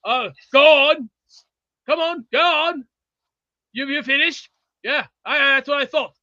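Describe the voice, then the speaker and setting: A man trash-talking in brash banter, blustering and insulting, with sudden bursts into shouting. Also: very high voice, a little slow, no room sound, lo-fi sound. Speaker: show regular.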